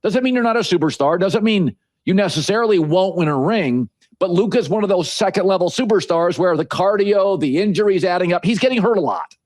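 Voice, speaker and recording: A man giving calm, measured sports analysis as a guest, with occasional filler words. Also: sits high. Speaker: guest commentator.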